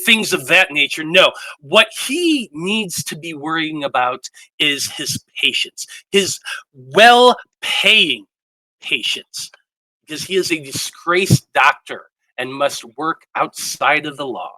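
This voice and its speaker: A man describes his tabletop game character in a slow, rambling, chatty way. His voice is bright, and the sound is close and dry. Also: on the high side, animated, no room sound, low-quality recording. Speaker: player. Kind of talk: casual character introduction.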